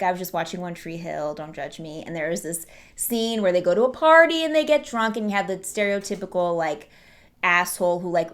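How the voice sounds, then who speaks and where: A young woman hosting her own horror movie review, talking casually and animatedly, mocking the characters by quoting them in put-on voices. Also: medium pitch.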